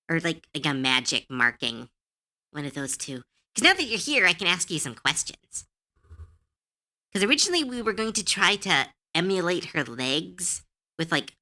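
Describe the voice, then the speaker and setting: Woman streamer chatting away, laughs a lot, bright sharp tone. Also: lowish voice. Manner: giggly, chatty and self-deprecating. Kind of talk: casual livestream chat.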